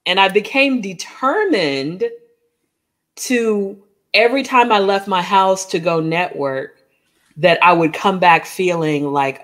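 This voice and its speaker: A woman co-hosting a podcast, telling a lively personal story in casual chat and acting out the dialogue as she goes. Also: on the low side, measured pace. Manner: animated storyteller, acts out dialogue, frequent "like" and "oh my gosh". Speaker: podcast co-host.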